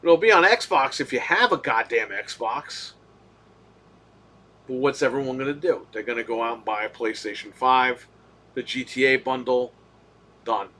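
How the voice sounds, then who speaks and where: A man hosting a live gaming stream, ranting in a heated, profane way, swinging between low muttering and loud outbursts. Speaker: gaming podcast host.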